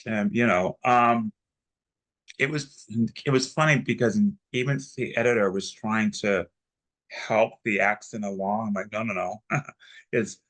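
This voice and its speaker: A man with a stutter, chatting as an interview guest in halting sentences with many restarts. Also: lowish voice, fairly even intonation, a bit bright, poor audio. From Texas, United States. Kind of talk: casual interview chat.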